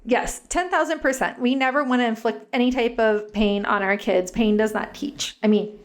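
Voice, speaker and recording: Woman guest, earnest and explanatory, fairly high voice, casual podcast talk. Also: steady tone, normal speed. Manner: earnest, explains step by step with frequent "like" fillers. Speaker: guest parenting educator. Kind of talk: conversational interview explanation. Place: podcast recording.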